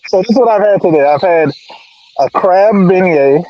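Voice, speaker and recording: A man chatting as a guest on a livestream, rambling and halting, with many fillers and repeats. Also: sits high, muffled recording. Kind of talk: casual chat.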